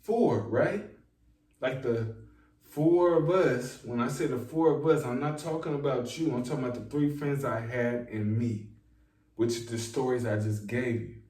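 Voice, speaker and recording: A man talking to his viewers in a slow, preachy, rambling monologue, repeating lines for emphasis. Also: mid-range voice, mellow, recorded from a distance. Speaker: online self-help talker. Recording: echoey room, voice set back from the mic.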